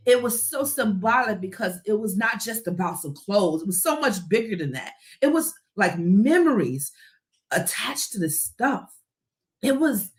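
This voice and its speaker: A woman hosting a live talk, speaking earnestly and encouragingly to listeners, emotional and close to tears. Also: fairly high pitch. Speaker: podcast host.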